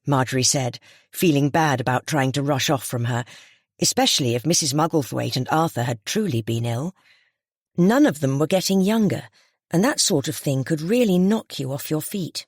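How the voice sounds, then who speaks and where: Steady audiobook narrator, dry close sound. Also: medium pitch, moderate pace, no room sound. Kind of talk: scripted narration of a cozy mystery audiobook.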